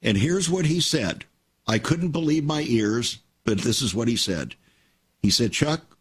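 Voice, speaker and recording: A man's voice: medium pitch, big pitch swings, moderate pace, slightly rough. An older man hosting a Christian radio talk show, telling stories earnestly and with emphasis.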